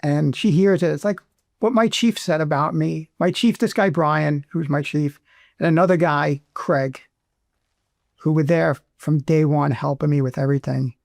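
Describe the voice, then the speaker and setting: A middle-aged man, a veteran guest in an interview, speaking with emotion and pausing often to restart. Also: a little high, creaky, no room sound, clean studio sound. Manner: emotional, halting, many restarts.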